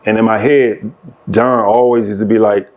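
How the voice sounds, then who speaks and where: A man's voice: fairly low pitch, level tone, normal speed, dull audio. Laid-back man telling basketball stories. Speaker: podcast guest, former basketball player. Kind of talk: casual storytelling.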